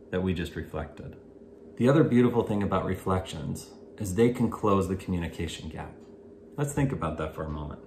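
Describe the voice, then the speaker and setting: A man giving an instructional talk on listening skills to parents, in a measured, explanatory way. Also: low voice, a little mellow. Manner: measured, explanatory, gives spoken examples. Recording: echoey room with faint hiss.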